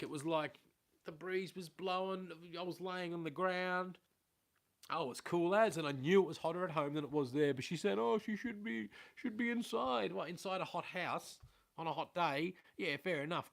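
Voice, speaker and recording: A man's voice: a little high, a bit bright. A middle-aged man with an Australian accent talks casually to viewers from his home. He wanders off on tangents, drops casual swear words and admits when he is waffling. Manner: rambling, swears freely, self-aware about waffling. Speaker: livestream host. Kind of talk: casual rambling livestream chat. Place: at home indoors.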